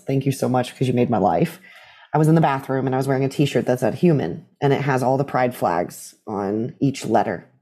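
A guest in a casual interview, telling stories animatedly and acting out the voices of others. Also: medium pitch. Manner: animated storyteller who acts out quoted voices.

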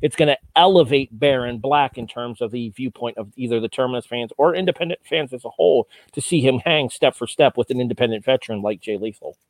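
A man's voice: medium pitch, fast, few pauses, dry recording. A man co-hosting a podcast, giving a casual wrestling review in an analytical way and swearing freely. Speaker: podcast co-host.

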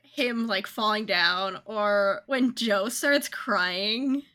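A woman's voice: medium pitch, extremely slow. A young woman co-hosting a podcast, chatting casually and acting out characters' lines. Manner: animated, acts out characters' lines. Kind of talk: casual chat.

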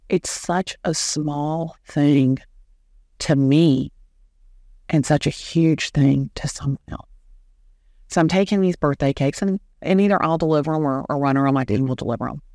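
A middle-aged woman, an animated storyteller who acts out the dialogue she quotes. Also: sits low, no echo, clean studio sound. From Southern US. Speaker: guest, real estate agent. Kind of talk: storytelling in an interview.

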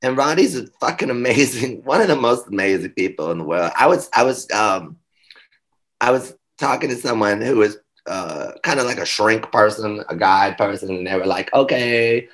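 A man telling stories as an interview guest, animated and laughing, with frank, profane asides. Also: fairly low pitch, normal speed. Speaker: guest performer. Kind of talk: casual interview storytelling.

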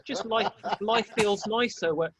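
An English man chatting casually as a guest, a lively storyteller who slips into comic voices. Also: high voice, measured pace, a crowd in the background. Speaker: DJ and producer guest. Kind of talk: casual podcast chat.

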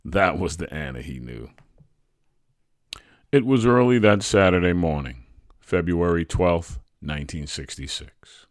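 A man hosting a podcast, reading a true family story aloud in an expressive, animated way. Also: low-pitched, a little slow, dry recording, studio quality. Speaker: podcast host and narrator.

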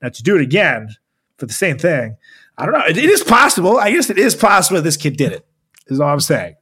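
This male podcast co-host talks fast and very animatedly in a fairly high, fairly bright, husky voice. The casual chat, which includes a read ad, is full of crude jokes and frequent laughter.

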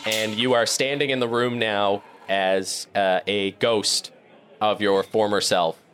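A man running a tabletop game as game master, narrating in a relaxed, rambling way with fillers. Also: fairly low pitch, slow pace, music in the background.

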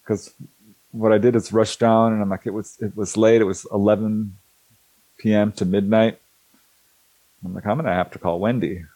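A middle-aged man on the lower side of pitch tells a personal story in an interview, lively and expressive, slipping into the voices of the people he quotes. He often restarts his sentences with small fillers. The sound is dry, with almost no room around it. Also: normal speed, pauses often, dry recording, poor audio. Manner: animated storyteller who acts out dialogue. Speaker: interview guest. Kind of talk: casual anecdote telling.

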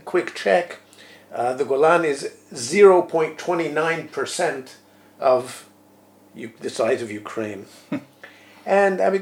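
A man co-hosting a policy podcast, giving a measured analysis full of fillers and self-corrections. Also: medium pitch, darkish tone. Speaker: podcast co-host, former deputy national security advisor. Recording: roomy echo.

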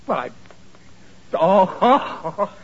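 A blustering, ungrammatical working-class father, his voice high and swinging all over the place. He sounds flustered, and the recording is a muffled old 1940s radio broadcast. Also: very animated, extremely slow, husky, heavily acted. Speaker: sitcom lead. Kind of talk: 1940s radio sitcom acting.

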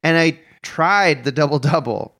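A young Canadian man co-hosting a casual comedy podcast, rambling and animated, his voice sounding strained and odd. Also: on the high side, unhurried. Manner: rambling, animated, laughs a lot. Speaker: podcast co-host.

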